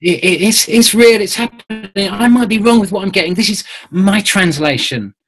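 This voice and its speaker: A man's voice: sits high, normal speed, fairly bright tone, soft background music, rough recording. Earnest rambling man. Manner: rambling, restarts often, earnest. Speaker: guest. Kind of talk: conversational call-in chat.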